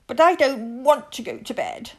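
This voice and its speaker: A woman's voice: high voice, big pitch swings, moderate pace, darkish tone, slightly rough, voice pushed up, full character voice. A woman voicing a naughty little boy tiger cub in a storybook reading, whiny and insistent. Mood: stubborn.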